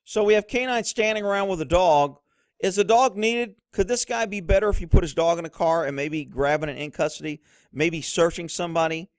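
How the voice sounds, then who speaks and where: Over police footage, a middle-aged man who used to be a police officer offers bluntly instructive commentary, lowering his voice whenever he imitates other people. The audio is clean studio quality without echo.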